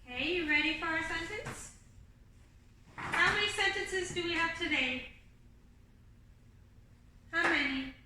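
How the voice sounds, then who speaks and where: A woman teaching an online kindergarten lesson, speaking slowly and clearly to young children and singing simple learning songs. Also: very high voice, noisy background. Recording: echoey room, a bit far from the mic.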